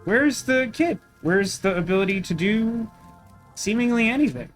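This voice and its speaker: A man voicing a dry, unflappable male paranormal detective who asks deadpan questions. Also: sits high, normal speed, faint music behind, pitched above the performer's own voice.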